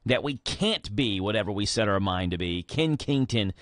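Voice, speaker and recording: Bright-voiced radio host. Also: male voice, lowish voice, expressive, normal speed. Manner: chatty, jokey, talks to listeners. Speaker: radio morning show host. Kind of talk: casual radio chat. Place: radio studio. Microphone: studio microphone.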